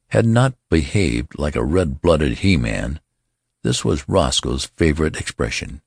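Deep, gravelly male narrator, lively delivery, dry close sound. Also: dry recording. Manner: expressive storytelling. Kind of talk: scripted audiobook narration.

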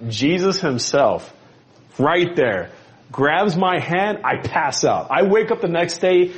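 A man, a guest, speaking earnestly in casual conversation, halting and repeating words. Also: fairly high pitch, lively intonation.

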